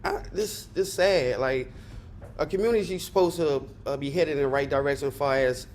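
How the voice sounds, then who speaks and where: A man's voice: on the high side, moderate pace, a little mellow, slight background noise. A middle-aged man speaking as a community member at a public hearing, earnest and frustrated, rambling as he speaks.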